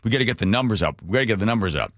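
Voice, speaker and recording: A man's voice: lowish voice, expressive, rapid-fire, no echo, clean studio sound, lightly acted. A man hosting a radio show, briefly acting out a pushy male official who keeps urging agents on. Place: radio studio.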